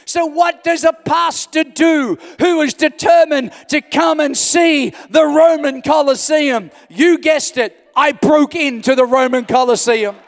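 A man from Australia, a pastor telling an animated story in a sermon and often shouting for emphasis. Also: very high-pitched, measured pace, few pauses. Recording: long hall reverb.

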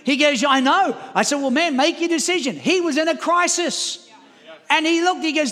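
A male pastor, preaching a sermon and telling a story in an animated way, his voice rising and getting louder as it builds. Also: extremely high pitch, moderate pace. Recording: long hall reverb.

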